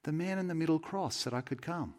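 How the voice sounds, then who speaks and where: Man doing a confused plain-spoken criminal, simple matter-of-fact answers, voice pitched higher, sermon story. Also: lively intonation, brisk, a little mellow, close to an everyday voice. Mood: bewildered. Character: bewildered plain-spoken male crucified criminal, adult.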